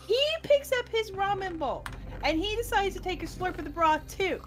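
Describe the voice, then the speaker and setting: A woman's voice: extremely high pitch, normal speed, faint music behind. A woman chatting with friends on a voice call while gaming, telling funny stories with lots of laughter. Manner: giggly, animated storyteller. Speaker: streamer playing with friends. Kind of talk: casual storytelling chat.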